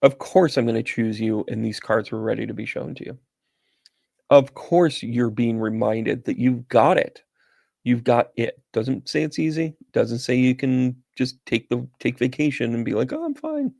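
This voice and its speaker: A man's voice: mid-range voice, normal speed, creaky, a little mellow, no room sound. A man hosting a casual livestream, chatting with viewers by name and telling rambling stories while reading tarot on a close, sensitive microphone. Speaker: psychic medium host.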